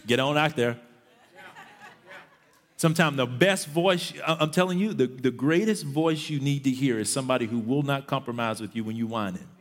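A man's voice: mid-range voice, moderate pace, some chatter behind. A man preaching a sermon as pastor, pressing his congregation to keep going, and now and then mimicking whiny excuses. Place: church sanctuary. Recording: long church reverb.

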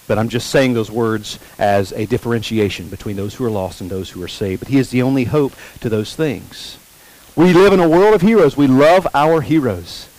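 A male pastor preaching a sermon, repeating key phrases slowly for emphasis and putting questions to the congregation. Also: lowish voice, darkish tone, low-quality recording.

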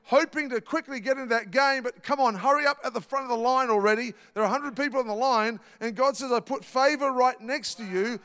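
A man's voice: very high-pitched, fast talker, hardly any pauses, bright, forceful tone, clear, resonant tone, long reverb tail. A middle-aged Australian man preaching a sermon, telling a personal story in a chatty way with many fillers and restarts. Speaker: pastor.

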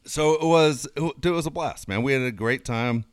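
This is a man at a fairly average pitch, chatting casually with a friend. He tells a rambling anecdote and is animated from start to finish. He cusses freely. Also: moderate pace, clear, resonant tone, no echo, clean studio sound. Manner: profane, animated anecdote-telling. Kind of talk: casual storytelling chat.

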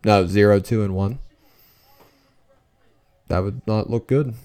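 A man podcasting alone, reacting casually to a live football game as he watches, rambling and excitable, dropping to nervous mutters and jumping to outbursts. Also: on the low side, takes it slowly, smooth. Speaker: solo podcaster. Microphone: talking into a microphone at home late at night.

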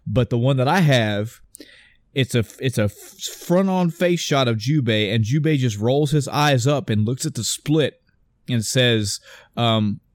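On a podcast, a man chats casually, rambling through animated stories with lots of restarts and asides. He has a medium-pitched voice, speaks a little slowly, and there's no echo.

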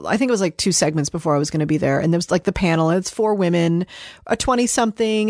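A woman's voice: on the low side, no echo, clean studio sound. A woman host telling a personal story in a chatty, rambling, self-mocking way, with lots of fillers and laughter. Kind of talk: casual storytelling monologue.

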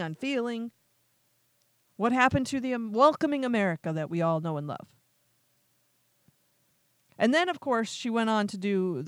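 Animated sarcastic woman commentator. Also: mid-range voice, no room sound, clean studio sound. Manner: sarcastic, incredulous, exasperated; quotes others in animated retellings. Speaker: political commentary host. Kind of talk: opinionated news commentary.

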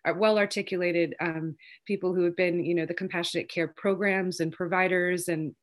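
A woman speaking quickly and informally in an interview, piling on fillers and restarts as she tells a long story. Her voice sits a little low for a woman. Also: fairly even intonation. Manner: fast, rambling, many fillers. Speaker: lawyer and cannabis advocate.

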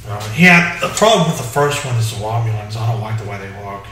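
Man, casual podcast co-host, halting with lots of fillers, bright voice, echoey room with the mic set back. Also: on the low side, animated, distant mic. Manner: halting, many fillers and restarts. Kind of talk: casual chat.

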